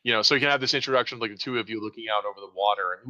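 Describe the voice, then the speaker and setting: A man's voice: fairly low pitch, rapid-fire, hardly any pauses, sharp tone, muffled recording. A man running a tabletop role-playing game as game master, rambling and dryly sarcastic.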